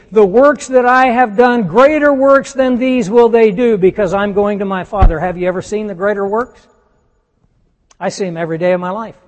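Brief: male preacher, high voice, emphatic sermon delivery with rhetorical questions, long hall reverb.

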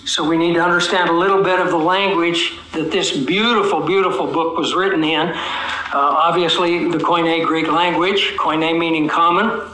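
A man preaching an expository sermon, teaching his congregation, asking them questions and slowing down to stretch key words for emphasis. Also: a little high, steady tone, pushed and bright. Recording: echoey room.

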